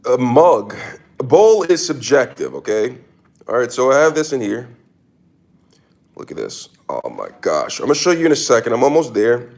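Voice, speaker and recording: A man's voice: mid-range voice, sing-song, moderate pace, vocal fry, darkish tone. A man doing a casual cooking demo in his kitchen, hamming it up with mock-serious tips and repeated catchphrases. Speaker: cooking vlogger. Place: home kitchen.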